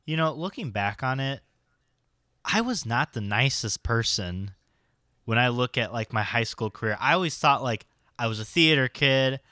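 Wry young co-host with a bright voice. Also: male voice, medium pitch, animated, normal speed, no room sound, clean studio sound. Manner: wry, profane, self-mocking. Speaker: podcast co-host. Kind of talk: casual podcast banter.

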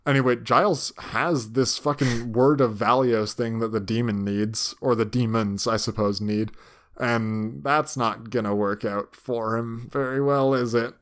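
A man co-hosting a podcast in loose, casual chat. He jokes, swears freely and laughs often, sometimes dropping into silly voices for quick asides. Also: mid-range voice, fairly even intonation. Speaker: podcast co-host.

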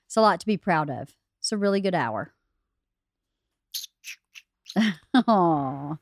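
A woman co-hosting a casual podcast, warm and teasing, laughing often. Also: fairly low pitch, expressive, takes it slowly, vocal fry, dry recording, clean studio sound. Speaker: podcast co-host.

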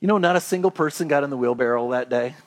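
A man preaching a sermon as a pastor, telling a story with lively crowd voices before growing quiet and earnest. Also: mid-range voice, quick pace.

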